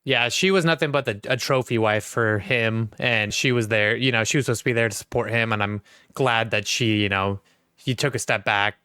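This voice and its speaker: A man's voice: mid-range voice, a little fast, sharp tone, clean tone, no room sound, clean studio sound. A man co-hosting a podcast, casually and enthusiastically discussing a film. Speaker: podcast co-host. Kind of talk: casual movie review chat.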